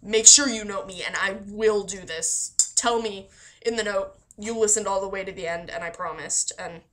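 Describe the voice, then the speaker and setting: A woman's voice: medium pitch, moderate pace, fairly bright tone. Chatty woman rambling with laughs. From Florida. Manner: chatty and self-deprecating, laughs often, swears casually. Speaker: vlogger answering a voice meme questionnaire. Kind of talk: casual rambling monologue.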